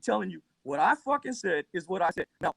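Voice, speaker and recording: A man's voice: sits high, expressive, fairly quick, creaky, a bit bright, breathy edge, dry recording. A man arguing on a phone livestream, telling a long, profane, worked-up story in a rambling way. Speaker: livestream debate participant. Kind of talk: heated live-stream argument.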